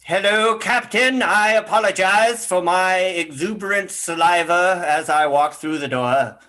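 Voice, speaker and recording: A man's voice: high-pitched, a little slow, bright, forceful tone. A man voicing a slimy, drooling male crewman on a spaceship who pleads with his captain in an improvised sci-fi comedy scene. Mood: pleading. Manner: pleading, eager.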